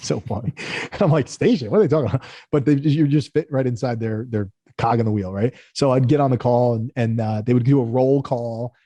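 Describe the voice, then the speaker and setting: Fast-talking man telling animated business stories. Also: mid-range voice, dry recording, highs cut off. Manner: animated, acts out quoted people in raised voices. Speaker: guest, company founder. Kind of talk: casual interview storytelling.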